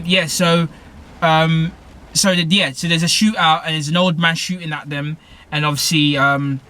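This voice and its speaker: A young British man talks through a TV episode in a loose, rambling way, often correcting himself as he goes. His voice sits a little higher than most men's. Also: bright, forceful tone, slight background noise. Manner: rambling, full of fillers and self-corrections. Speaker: TV show reviewer. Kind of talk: casual episode recap.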